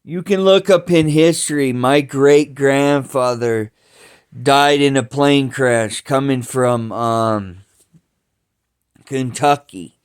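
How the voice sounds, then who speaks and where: A man talks through his family history at an unhurried pace, often stopping and restarting his sentences. His voice is smooth and clear. His speech is loose and rough, with casual swearing. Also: medium pitch. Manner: slow, halting, with many restarts and cursing. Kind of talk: rambling family storytelling.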